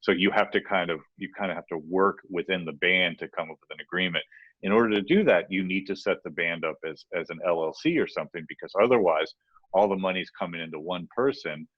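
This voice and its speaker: Low-voiced, rambling male podcast host. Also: fast, husky, no room sound, dull audio. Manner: rambling, playful, restarts often. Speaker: podcast co-host, music business advisor. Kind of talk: casual podcast chat.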